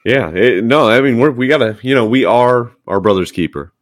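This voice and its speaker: A man's voice: medium pitch, normal speed, no echo, clean studio sound. A man, a firefighter, talking earnestly and encouragingly in a casual podcast chat, with frequent restarts.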